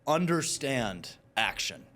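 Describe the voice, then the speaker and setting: A man speaking as a guest in a casual interview, telling stories in an animated way with quick asides. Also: medium pitch.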